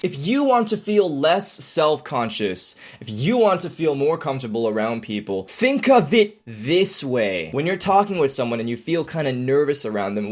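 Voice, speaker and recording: A man's voice: mid-range voice, a little mellow. Jokey young man vlogging advice. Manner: jokey, playful, self-mocking asides. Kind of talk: comedic advice vlog.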